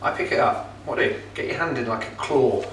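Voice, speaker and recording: A middle-aged man with a bright, forceful voice talks through a cooking demonstration in a chatty, joking way, full of ums and uhs. He sounds a little way off the mic, and the kitchen gives his voice a roomy echo. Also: mid-range voice, quick pace, far from the mic, a little hiss or hum. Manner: chatty, jokey, with filler words. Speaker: pizza kit seller and presenter.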